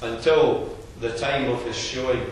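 A man's voice: medium pitch, fairly even intonation, slight background noise. Man preaching in a very echoey hall. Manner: measured, earnest expository preaching. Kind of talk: sermon. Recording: very echoey, distant room recording.

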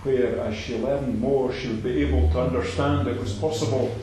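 A man preaching a sermon, emphatic and repetitive, swinging between loud declarations and soft asides. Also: mid-range voice, fairly even intonation, normal speed, slight background noise. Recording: very echoey hall.

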